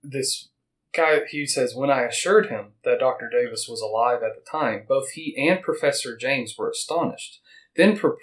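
A man's voice: medium pitch, low-quality recording. A man hosting a casual podcast, reading passages aloud and stopping to chat and joke. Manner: rambling, reads quotes and puts on quick voices for them. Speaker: podcast host.

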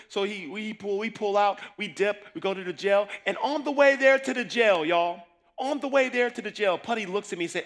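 A man preaching a sermon, telling his testimony in a slangy, animated way that swings from hushed asides to shouting. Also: high voice, fast.

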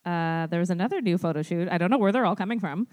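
A woman's voice: fairly low pitch, fast talker. A woman co-hosting a casual gossip podcast, telling stories and acting out quotes with frequent laughter. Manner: animated storyteller acting out quotes, laughs often. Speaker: podcast co-host. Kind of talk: casual celebrity gossip chat.

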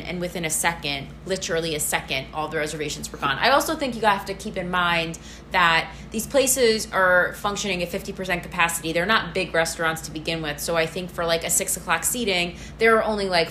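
A woman co-hosting a podcast, chatting casually in an excitable way and filling her talk with "like". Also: on the low side, fairly quick, a little hiss or hum. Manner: chatty and excitable, heavy use of "like". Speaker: podcast co-host. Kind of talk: casual chat.

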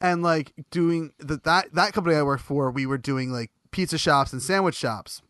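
Man, podcast host, rambling, bright tone, dry close sound. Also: on the high side, moderate pace, no room sound. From Bucks County, Pennsylvania. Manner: rambling, laughs often, many restarts. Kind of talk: casual chat.

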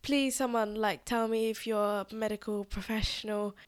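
A woman's voice: mid-range voice, fairly even intonation, moderate pace, clear, resonant tone. Chatty woman with a stuffy nasal voice. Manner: chatty, uses filler "like" often. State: congested, nasal voice from illness. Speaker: podcast host. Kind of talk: casual solo podcast chat.

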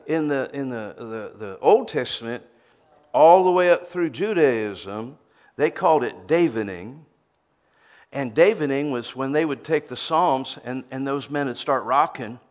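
Male preacher, emphatic sermon delivery, mid-range voice. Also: medium pitch. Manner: emphatic, repeats words when starting phrases.

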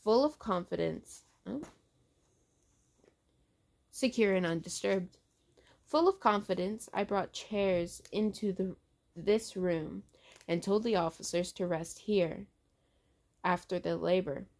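A woman hosting a show, reading a horror story aloud in a halting way, restarting on words. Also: on the low side, gravelly, a little mellow. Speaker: host reading books aloud.

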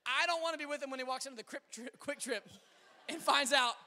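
High, bright-voiced preacher man in a hall. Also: quick pace. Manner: storytelling, animated, swings between shouting and quiet asides. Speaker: pastor. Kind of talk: sermon. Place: church sanctuary. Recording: long hall reverb.

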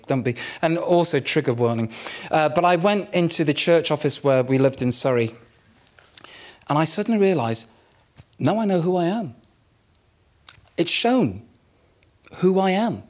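A man preaching a sermon, telling a personal story in a candid, self-mocking way with dramatic pauses. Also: on the high side. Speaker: pastor.

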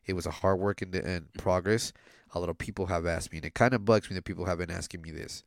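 Male podcast co-host, deep and quick, rambling casual delivery. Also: fairly even intonation, vocal fry, no room sound, clean studio sound. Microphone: video call.

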